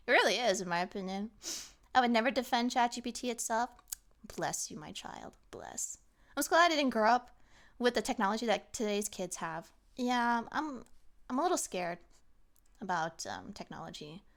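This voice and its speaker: A woman's voice: on the high side, expressive, moderate pace, fairly bright tone. A woman from Canada, a streamer ranting sarcastically in a casual chat stream from home.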